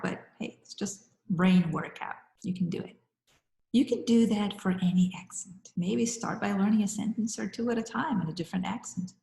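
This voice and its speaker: A woman giving an acting lesson in a measured, encouraging way, talking straight to the listener. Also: fairly low pitch, a little mellow, reverberant, low-quality recording. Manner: measured, encouraging, direct address. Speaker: acting teacher. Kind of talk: instructional talk to camera.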